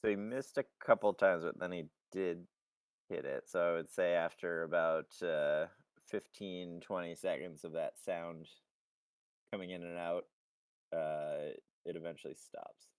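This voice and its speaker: Low-voiced man running a tabletop game. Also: smooth, no echo, studio quality. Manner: relaxed, halting, filler-heavy. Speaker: game master.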